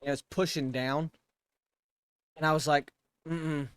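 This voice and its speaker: A man's voice: fairly high pitch, steady tone, measured pace, fairly bright tone, clear, resonant tone, no echo. A man casually recounting a hospital stay on a podcast, blunt and profane. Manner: blunt, profane, laughs along. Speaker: podcast co-host. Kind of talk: casual chat.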